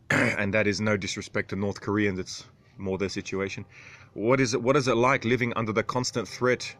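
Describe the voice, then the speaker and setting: A man in his thirties hosting a casual livestream, reading out viewer comments with frequent chuckles and throat clearing. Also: fairly low pitch, fairly bright tone. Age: 30s. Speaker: livestream host.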